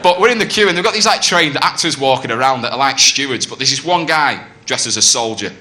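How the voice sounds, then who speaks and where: A man's voice: mid-range voice, expressive, fast talker, bright, forceful tone. A man doing a brash stand-up comedy set, telling a story and acting out the voices, with audience laughter behind him. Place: comedy club stage. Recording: noisy live club recording. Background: audience laughter and room ambience.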